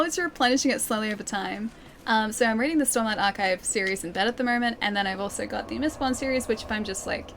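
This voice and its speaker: An Australian woman streams a game live from her living room, chatting with viewers, answering their comments, and laughing often. Her medium-pitched voice carries vocal fry, and there is background noise.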